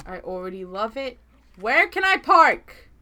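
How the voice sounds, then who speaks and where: A woman streaming a video game, gasping and squealing with excitement, and murmuring quickly when she reads the game's text aloud. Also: fairly high pitch. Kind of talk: gaming livestream chat and reading game text aloud.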